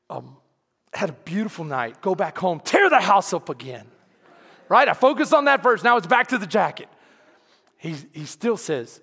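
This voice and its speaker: A man preaches in a high, lively voice that carries through a large hall with a long echo. He acts out the lines of his story, dropping to near murmurs and then climbing to shouts, with frequent laughter. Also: husky. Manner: animated, acts out dialogue, laughs often, swings from quiet to shouting. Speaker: pastor. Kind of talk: sermon with storytelling.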